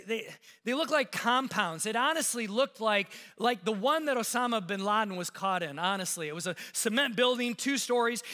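A man telling a personal travel story with rising suspense, his voice climbing at the tense moments. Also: sits high. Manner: animated, building suspense, voice rising when tense. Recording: hall reverb.

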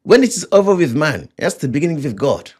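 A man leading a Bible study, teaching with animated retellings of scripture scenes. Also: fast talker, husky. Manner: animated, acts out quotes with high pitch jumps. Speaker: preacher.

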